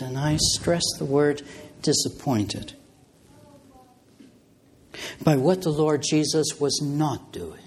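A man preaching a sermon, speaking in a measured, emphatic way and posing rhetorical questions to his listeners. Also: fairly high pitch, lively intonation, husky.

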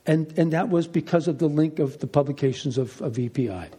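A man's voice: a little high, brisk, mellow, husky. A middle-aged man teaching the Bible emphatically, asking rhetorical questions and repeating key phrases.

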